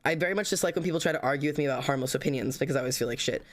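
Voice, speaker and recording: A man's voice: medium pitch, rapid-fire. A man venting to his livestream chat in a rambling, self-critical rant, swearing heavily and restarting his sentences often.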